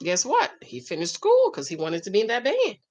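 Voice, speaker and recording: A woman's voice: fairly high pitch, huge pitch swings, fairly quick, a little mellow. A woman vlogger chatting casually while reading viewer comments, emphatic and talkative, often adding "okay?". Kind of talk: casual live-stream chat.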